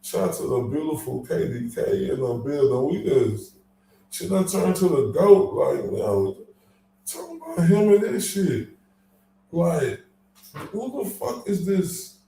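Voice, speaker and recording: A man's voice: a little high, sing-song, unhurried, creaky, dark tone, slight background noise. A man hosting a casual livestream, ranting with heavy profanity and reading chat comments aloud. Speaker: livestream host. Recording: echoey room, voice from far off.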